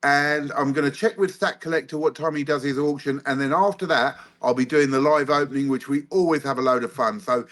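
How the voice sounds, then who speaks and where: A man's voice: a little high, a little fast, hardly any pauses, fairly bright tone. A man speaking as a guest on a live stream, friendly and easygoing, with casual slang. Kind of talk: casual livestream chat.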